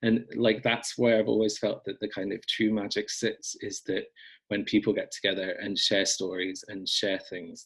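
A man's voice: fairly low pitch, breathy edge, low-quality recording. A man chatting as a podcast guest, rambling and self-deprecating with lots of ums. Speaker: podcast guest, folk magic blogger. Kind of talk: casual interview chat.

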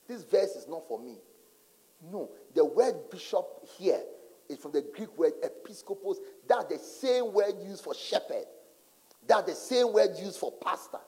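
A man preaching a sermon as a pastor, telling stories dramatically and acting out voices. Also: high voice. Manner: animated, dramatic storytelling with acted-out asides. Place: large church hall. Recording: long hall reverb in church.

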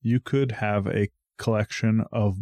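A man co-hosting a casual basement podcast, reading out listener messages in a mock-formal, deadpan way. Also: lowish voice, a little slow, no room sound. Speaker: podcast co-host. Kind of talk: casual chat. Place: basement studio.

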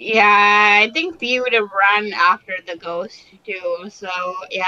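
A woman's voice: medium pitch, slow, pushed and bright, muffled recording. A woman co-hosting a podcast, speaking hesitantly and agreeing often. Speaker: podcast co-host. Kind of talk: casual chat.

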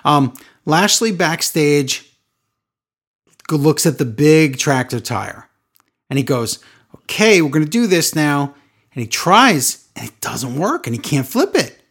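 Male podcast co-host, sarcastic and ranting, very animated pitch. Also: a little slow, breathy edge. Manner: sarcastic, rants and mimics wrestlers. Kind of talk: casual podcast chat.

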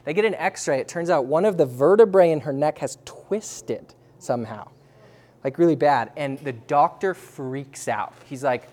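Male speaker, a bit high-pitched; loose, animated storyteller with casual fillers and laughs. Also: normal speed. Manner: casual, lots of "like", laughs between phrases. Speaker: speaker sharing a testimony.

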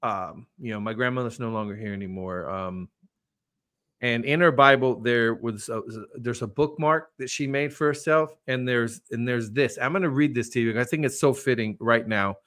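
A man's voice: mid-range voice, normal speed, fairly bright tone. A man hosting a podcast, talking earnestly and personally in casual faith talk. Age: adult with children. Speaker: podcast host.

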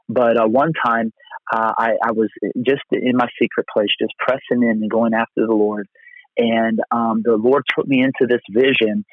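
A man from Pennsylvania with a husky, slightly rough voice tells faith stories as a guest evangelist. He speaks earnestly and rambles, often restarting his sentences. His voice comes through a thin, dry, tinny phone line. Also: medium pitch, no echo. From Pennsylvania, USA.

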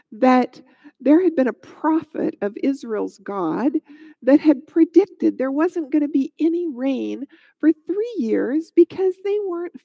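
A woman narrating a Bible story in a gentle, measured storytelling way, on a dull lo-fi recording. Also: fairly high pitch, vocal fry.

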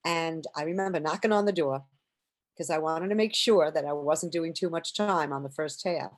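An older woman, a stage singer, telling lively anecdotes in an interview, acting out quotes and laughing often. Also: low voice, moderate pace. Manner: animated storyteller, acts out quotes, laughs often.

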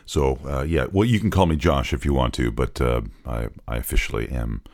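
Super deep voiced guy, pastor guest, kinda hesitant, words trail off quiet. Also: fairly quick, dry recording, studio quality. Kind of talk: casual interview chat. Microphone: studio booth mic.

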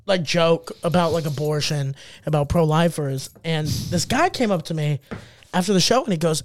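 A man's voice: on the high side, moderate pace, no room sound, studio quality. A young man co-hosting a comedy podcast, a rambling storyteller who laughs often and acts out what others said. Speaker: podcast co-host and stand-up comedian. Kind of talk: casual comedic podcast chat.

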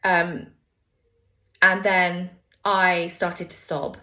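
A woman's voice: fairly low pitch, level tone, very slow, sharp tone. A woman telling a personal story candidly and with emotion, sometimes swearing.

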